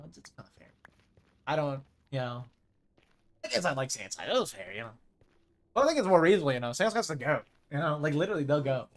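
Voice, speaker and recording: A man chatting casually while streaming a game live, rambling excitably and tripping over repeated words as he gets going. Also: medium pitch. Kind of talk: casual live gaming commentary.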